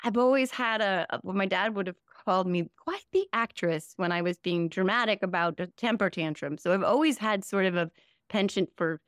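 A middle-aged woman from New Jersey, a guest in a casual interview, talking in an animated, quick way and laughing often. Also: medium pitch, clean tone, no room sound, clean studio sound. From New Jersey, USA. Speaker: guest, online satirist.

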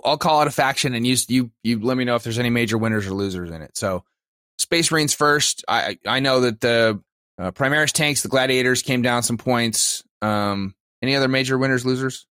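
A man's voice: mid-range voice, a little fast, fairly bright tone, no room sound, clean studio sound. A man co-hosting a casual gaming talk show, eager and stammering through restarts. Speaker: podcast co-host. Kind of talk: casual chat about tabletop gaming.

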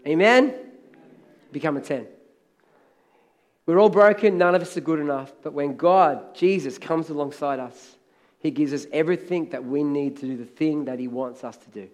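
Emphatic high-voiced male preacher. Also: moderate pace. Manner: emphatic, repeats phrases, asks the congregation for amens. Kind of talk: sermon. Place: church hall.

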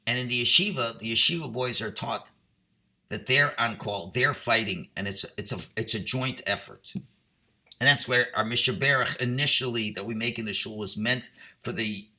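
A middle-aged man giving a Torah talk as a rabbi, passionate and exhorting, then easing into quiet, chatty storytelling, with Hebrew and Yiddish words mixed in. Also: medium pitch, normal speed.

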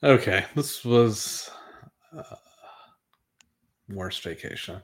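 A man's voice: on the low side, lively intonation, drawn-out words. A man in his thirties, guest co-host on a podcast, telling stories in a rambling way with many fillers. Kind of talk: casual podcast chat.

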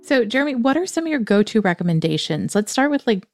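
A woman's voice: on the high side, very animated, fast talker, no echo, studio quality, soft background music. A woman co-hosting a podcast, asking questions in a chatty manner. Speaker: podcast co-host. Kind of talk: casual podcast interview.

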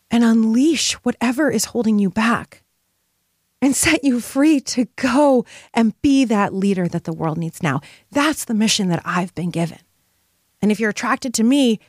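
A woman's voice: a little high, no room sound, clean studio sound. A middle-aged woman hosting a motivational podcast, speaking in an impassioned, emphatic, spiritual way. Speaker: podcast host.

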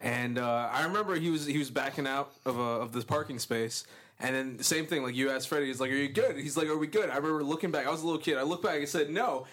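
A man's voice: mid-range voice, quick pace, fairly bright tone. A man in casual podcast chat who reacts with short exclamations and laughs as he tells a childhood story. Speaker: podcast co-host. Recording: noisy podcast mic.

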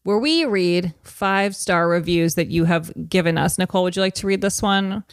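A woman's voice: fairly low pitch, moderate pace, clear, resonant tone, dry recording, clean studio sound. A woman co-hosting a podcast, chatting casually in a bubbly, giggly way. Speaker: podcast co-host. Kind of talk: casual chat.

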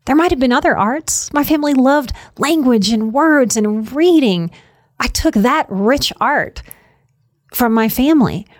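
A woman's voice: high voice, lively intonation, unhurried, no room sound, clean studio sound. A middle-aged woman hosting a reflective talk on anxiety, speaking earnestly with repeated emphasis and the odd "y'all". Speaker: podcast host on anxiety.

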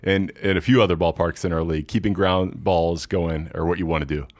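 A young adult man, a baseball pitcher, chatting earnestly and cheerfully as a podcast guest. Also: steady tone, fairly quick, dry recording, clean studio sound. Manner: friendly, earnest, frequent restarts and laughs. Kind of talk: casual interview chat.

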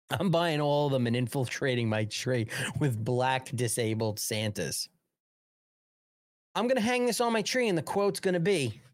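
A middle-aged American man hosts a live commentary show, his pitch swinging widely as he mocks and jokes. His sarcastic, profane rant is broken by frequent laughter. The voice sounds close and dry, with no room echo. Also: sing-song, moderate pace.

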